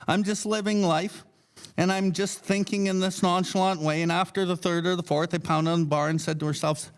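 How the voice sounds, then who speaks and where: Brief: male podcast co-host, fairly high voice, blunt and profane, teaches casually and acts out his inner voice. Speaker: podcast co-host leading a recovery book study.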